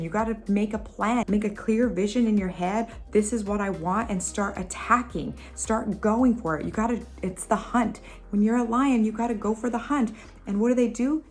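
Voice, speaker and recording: Woman, motivational vlogger, emphatic, repeats herself for effect, soft music behind. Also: mid-range voice. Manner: emphatic, repetitive exhortations; playful, laughs at her own impressions. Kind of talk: casual motivational talk to camera.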